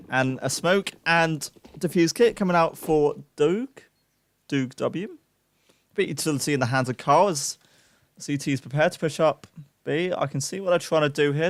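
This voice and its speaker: A young man calls an esports match live, his voice sitting a little higher than most. He talks fast and excitable through the action, breaking off for self-mocking asides to his chat. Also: dry recording. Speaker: esports caster. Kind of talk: live play-by-play commentary.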